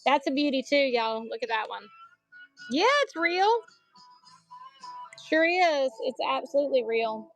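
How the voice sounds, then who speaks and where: Woman, high voice, folksy and joking, live selling chat, faint music behind. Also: a little slow, pauses often. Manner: chatty, joking, folksy, addresses viewers as y'all. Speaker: live auction seller of collectible banknotes.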